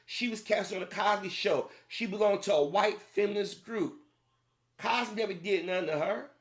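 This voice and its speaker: Male commentator, slightly higher voice, heated, repetitive opinion rant. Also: normal speed. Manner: heated, repetitive, addressing the audience directly.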